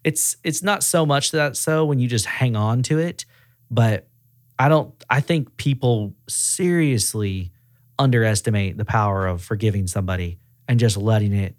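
A man's voice: on the low side, normal speed, no echo, clean studio sound. A man who is a regional director of auto repair shops, speaking in a casual podcast interview and acting out the dialogue in his stories. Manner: animated storyteller acting out quoted dialogue.

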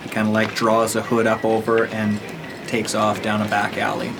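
A man narrating as game master in a relaxed, chatty way with fillers. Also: fairly low pitch, normal speed, creaky, noisy background.

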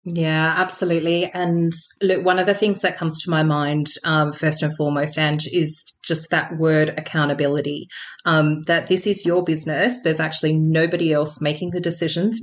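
A woman's voice: low-pitched, steady tone, moderate pace. A woman, a podcast guest answering reflectively with many "um"s and "you know"s. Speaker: podcast guest, business owner. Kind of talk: conversational interview answers.

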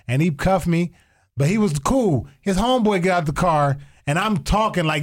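A young man telling a story in casual chat, animated and profane, acting out other people's lines. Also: a little high, a little fast. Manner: animated, profane, acts out voices in quotes. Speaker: storyteller guest.

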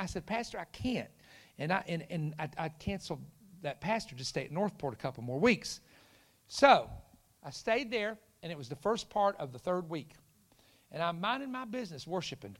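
A man's voice: a little high, a little fast. A middle-aged man, preaching a storytelling sermon and acting out the voices of the people in his story. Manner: animated, acts out quoted voices, shouts punchlines.

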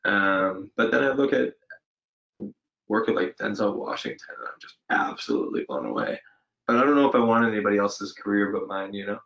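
Thoughtful low-voiced man talking slowly. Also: animated, vocal fry, a bit bright, rough recording. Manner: reflective, hesitant, many fillers and restarts. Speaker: actor guest. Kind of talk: casual interview conversation.

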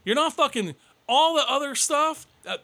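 A man's voice: very high-pitched, lively intonation, moderate pace, creaky, pushed and bright. A man co-hosting a casual podcast chat, ranting with constant swearing. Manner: profane, ranting, heavy swearing. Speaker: podcast co-host.

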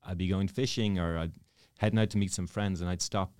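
A man's voice: sits low, steady tone, fairly quick, smooth, no echo, studio quality. A man in his thirties with an Irish accent, a priest telling stories as a guest in a casual chat. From Ireland. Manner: storytelling, self-deprecating, soft-spoken.

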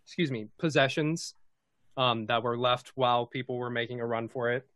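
Relaxed man narrating as game master. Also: mid-range voice, normal speed, no echo. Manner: relaxed, with many fillers.

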